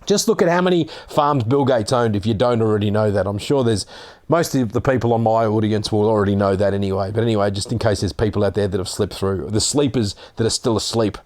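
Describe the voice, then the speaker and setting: A man's voice: on the low side, fast talker, darkish tone. An Australian man ranting sarcastically as a vlogger, reading out a news article and swearing as he gets heated.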